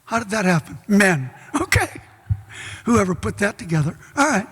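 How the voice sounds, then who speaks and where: High-pitched folksy pastor preaching. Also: male voice, very animated, normal speed, slightly rough. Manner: folksy, joking, bursts into shouts. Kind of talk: sermon. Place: large church hall. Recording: echoey church hall.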